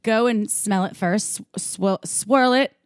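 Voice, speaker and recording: A woman's voice: medium pitch, slow pace, smooth, no room sound, clean studio sound. A woman co-hosting a podcast, chatting in a playful, jokey way. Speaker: podcast co-host. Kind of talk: casual chat.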